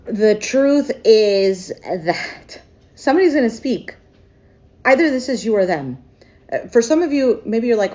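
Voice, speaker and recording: A woman doing a casual tarot reading to camera. She is emotional and thinks out loud, with frequent hesitations. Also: a little high, sing-song, measured pace, muffled recording. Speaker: tarot reader.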